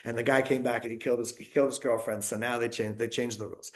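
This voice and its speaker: A man's voice: mid-range voice, flat delivery, fast talker. A man from the United States, a podcast guest in casual conversation, talking in a rambling, reflective way with many fillers and restarts.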